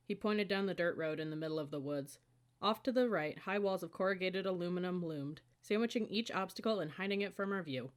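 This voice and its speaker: A woman reads a novel aloud as audiobook narrator, in steady, even storytelling. Her voice sits a little low for a woman. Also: fairly quick, clear, resonant tone. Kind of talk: scripted narration.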